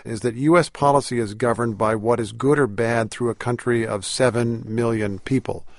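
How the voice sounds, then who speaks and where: A man's voice: mid-range voice, steady tone, normal speed, dry recording. A man hosting a news interview, asking probing questions. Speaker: interview host.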